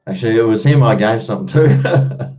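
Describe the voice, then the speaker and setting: A man's voice: on the low side, a little mellow, muffled recording. An Australian man live-streaming, chatting casually with viewers and answering their comments in a blunt, freely swearing way.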